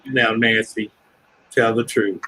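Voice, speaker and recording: A man's voice: on the low side, steady tone, takes it slowly, sharp tone, husky, rough recording. A man in casual chat, talking bluntly, teasing and swearing freely.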